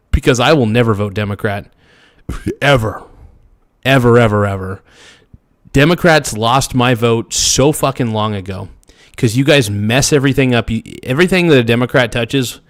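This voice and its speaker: A man hosting a show, reacting angrily to footage in a heated political rant that keeps repeating itself. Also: mid-range voice. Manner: angry, ranting, repeats himself.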